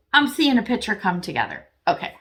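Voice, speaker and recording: A woman's voice: fairly high pitch, bright, forceful tone. Chatty, foul-mouthed woman tarot reader. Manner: chatty and frank, swears freely; addresses viewers directly, self-deprecating asides. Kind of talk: casual tarot reading to camera.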